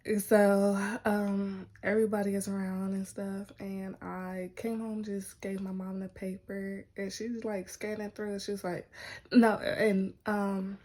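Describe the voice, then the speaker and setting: A woman's voice: medium pitch, flat delivery, measured pace, warm tone. A woman telling a personal story to her viewers in a casual vlog, chatty and loose, peppering her talk with "like" and "y'all". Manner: chatty, heavy use of "like" and "y'all". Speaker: vlogger.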